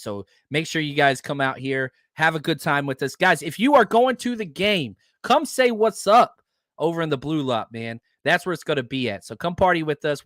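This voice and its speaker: A man's voice: a little high, fairly bright tone, no echo, clean studio sound. A man hosting a sports podcast, talking casually and ranting heatedly with plenty of profanity. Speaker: podcast host.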